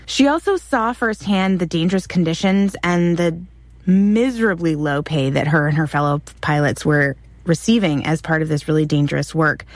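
A woman's voice: low voice, moderate pace, no room sound. A woman co-hosting a history podcast, telling the story with open enthusiasm. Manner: enthusiastic, animated. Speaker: podcast co-host.

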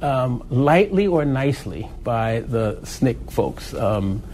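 Older guy from philly telling old stories, kinda halting, faint hum behind him. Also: mid-range voice, big pitch swings, a little mellow. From Philadelphia. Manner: storytelling, hesitant restarts, laughs easily. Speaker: interviewee, former activist. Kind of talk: oral history interview, recalling.

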